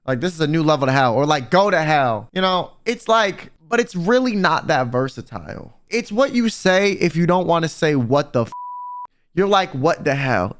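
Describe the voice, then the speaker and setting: A young man riffs to his stream chat in a loose, rambling comedic monologue. His voice sits high and swings widely up and down as he talks, and he keeps checking in with the audience. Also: a bit bright. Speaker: vtuber streamer. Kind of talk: casual comedic ranking monologue.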